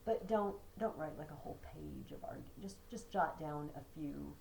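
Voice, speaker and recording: A woman's voice: low voice, huge pitch swings, normal speed, gravelly, hardly any pauses, a little mellow, a little hiss or hum, low-quality recording. A woman teacher giving a chatty classroom lesson, chanting poetry rhythms aloud. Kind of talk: classroom lecture.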